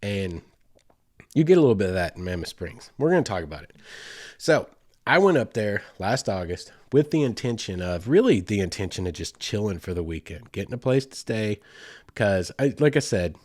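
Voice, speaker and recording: A low-voiced man in his forties with a Southern US drawl, chatting his way through a travel story with plenty of fillers and side trips. The recording is close and dry, with no room sound. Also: sing-song, normal speed, dry recording. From Southern United States. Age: 40s. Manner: chatty and rambling, with asides and fillers. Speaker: podcast host. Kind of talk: casual storytelling.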